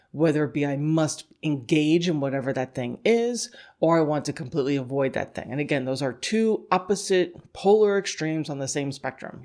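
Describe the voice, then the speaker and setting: A woman's voice: low voice, darkish tone. A woman hosting a dog-training podcast, talking casually and laughing often as she acts out a dog's thoughts in little quoted voices. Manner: conversational, thinks aloud with "you know" and "like". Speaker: dog scent work instructor and podcast host. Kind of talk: casual instructional podcast talk.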